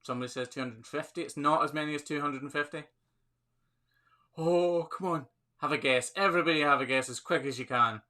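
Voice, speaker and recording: A man's voice: fairly high pitch, brisk, bright, forceful tone. A man with a Scottish accent hosting a casual live Q&A on his phone, chatty and upbeat, laughing often as he reads viewer comments. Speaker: livestream host, hoof trimmer.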